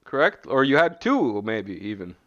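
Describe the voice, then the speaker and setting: A man's voice: mid-range voice, big pitch swings, normal speed, highs cut off, a crowd in the background. A man hosting a casual podcast chat in a jokey, easygoing way. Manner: jokey, laughs easily. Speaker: podcast host.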